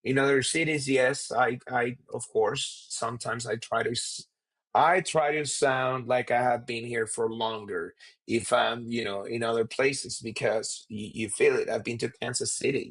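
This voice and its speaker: A man's voice: mid-range voice, poor audio. Thoughtful comedian man from Venezuela. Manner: thoughtful, halting, many restarts. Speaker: comedian guest. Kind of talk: casual conversation.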